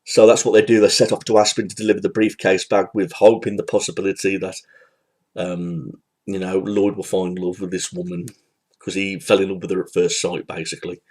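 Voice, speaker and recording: A man's voice: low voice, little pitch movement, brisk, darkish tone. A man giving a casual, rambling spoken film review, full of fillers and restarts. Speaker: movie reviewer.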